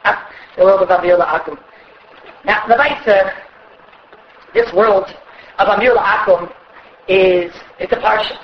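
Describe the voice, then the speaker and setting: A man teaching a class on Jewish law in an animated lecturing manner, often repeating his points. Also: sits high, a little slow, pauses often, a little hiss or hum. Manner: animated, mixes Yiddish and Hebrew terms, repeats points. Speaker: rabbi teaching halacha. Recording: echoey room, dull lo-fi sound.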